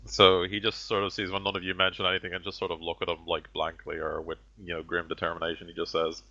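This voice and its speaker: Male game master narrating, very low and bright-edged, halting delivery, muffled lo-fi recording. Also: completely flat delivery. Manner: hesitant, many fillers. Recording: dull lo-fi audio.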